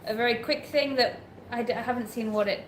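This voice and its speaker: A woman co-hosting a live travel stream talks casually, hedging a lot and reading out viewer questions. Her fairly high voice stays fairly even in intonation and moves a little fast, in an echoey room with faint background noise.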